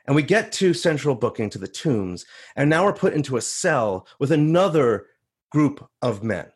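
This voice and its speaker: A man telling a first-person story on stage, animated and acting out the voices of others. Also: on the high side, normal speed, breathy edge. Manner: animated, acts out voices in quotes.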